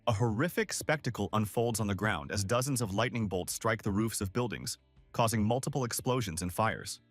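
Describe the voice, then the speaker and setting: A man's voice: lowish voice, brisk, dry recording, faint music behind. Man with dramatic recap narration. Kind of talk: scripted story narration.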